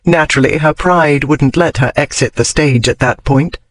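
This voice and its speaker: A man reading a historical romance novel aloud as audiobook narrator, in a measured storytelling manner. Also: on the high side. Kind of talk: scripted narration.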